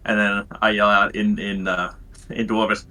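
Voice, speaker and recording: A man chatting as a player in a tabletop game, eager and quick to laugh. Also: fairly low pitch, sharp tone. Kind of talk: casual tabletop game chat.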